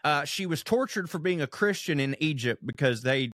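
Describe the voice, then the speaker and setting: Male podcast co-host, rambling and profane, slightly raised pitch. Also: animated, normal speed, a bit bright. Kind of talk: casual comedic chat.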